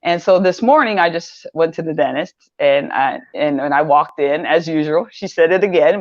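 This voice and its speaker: A woman's voice: low-pitched, normal speed, few pauses, dry recording, dull audio. An older woman, a guest in an interview, telling her story in a loose, rambling way, repeating words as she goes. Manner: rambling, repeats words, animated when quoting others. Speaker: interview guest, online seller.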